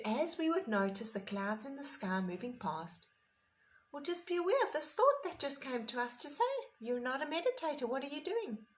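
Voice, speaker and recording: A woman leads a morning meditation at an easy, gentle pace, her voice in a middle register. She sometimes sinks into a soft whisper. A faint hiss sits under her words. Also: mid-range voice, poor audio. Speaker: meditation teacher. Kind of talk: guided meditation talk.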